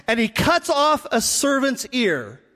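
A man preaching a sermon, telling the story in an animated way and acting out the people in it. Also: extremely high pitch, takes it slowly. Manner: animated storytelling, acts out voices. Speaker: pastor. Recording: long hall reverb.

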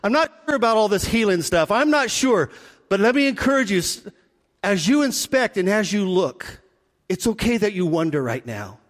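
A pastor with a high-pitched voice preaches a sermon in church, telling the story with lively energy and dropping almost to a whisper for emphasis. He speaks at a normal pace, and his voice echoes with a long reverb through the sanctuary.

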